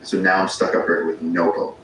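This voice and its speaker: Man, very low voice, rambling storyteller, casual chat, echoey room, faint background hiss. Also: brisk. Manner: rambling, restarts sentences, animated storytelling. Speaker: podcast guest.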